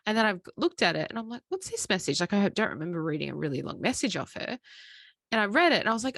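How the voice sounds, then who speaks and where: A woman co-hosting a podcast, telling stories and giving calm advice in a casual, easygoing way. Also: medium pitch, a little fast, dry recording, clean studio sound. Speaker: podcast co-host. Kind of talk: casual chat.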